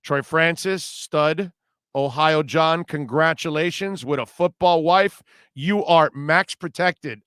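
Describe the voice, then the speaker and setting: Animated sports radio host, man. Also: on the high side, takes it slowly, smooth, no room sound, studio quality. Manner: animated, emphatic, repeats phrases. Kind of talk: live sports talk radio, reading listener comments. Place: radio studio.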